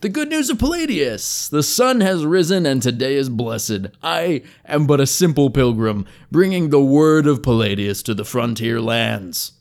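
A cocky, carefree young adventurer, as a male narrator voices him, breezy and joking, raising his voice into bright, overcheerful sermonizing. The pitch bounces around a lot. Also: sing-song, unhurried, few pauses. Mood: preachy. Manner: breezy, joking, overly cheerful.

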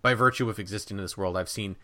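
A man from the United States co-hosts a casual podcast, talking eagerly and joking through plenty of fillers. His voice is fairly low, with a bright, forceful edge. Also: quick pace. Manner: enthusiastic, filler-heavy, jokey. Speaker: podcast co-host. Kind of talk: casual chat.

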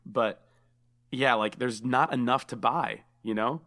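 A man's voice: mid-range voice, steady tone, measured pace, bright, forceful tone. A man hosting a casual podcast, chatty and enthusiastic, saying dude a lot. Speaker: podcast host.

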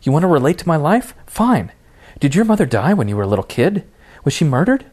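A man's voice: fairly high pitch, sing-song, fairly quick, voice pushed up. A man reading a story, voicing a guarded, grieving young woman who hisses and then lashes out. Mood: furious. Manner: harsh hissing, rising to shouted accusation.

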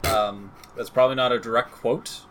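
A man with a bright, forward voice runs through game update notes on a casual podcast. He jokes and rambles, poking fun at himself and his co-host. A faint hum of background noise sits under the recording. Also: mid-range voice, steady tone, normal speed. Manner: joking, rambling, self-deprecating. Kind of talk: casual chat reading game patch notes.

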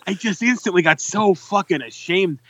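A man co-hosting a casual podcast, telling stories in a profane, animated way. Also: high voice, moderate pace, no echo, muffled recording. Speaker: podcast co-host.

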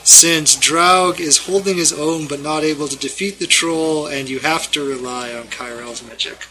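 A man narrates a tabletop adventure as game master in a relaxed, dry, amused voice. His tone is very bright and sits a little high. He reads the story in a casual, offhand way. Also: moderate pace, a little hiss or hum, poor audio. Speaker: game master reading a gamebook.

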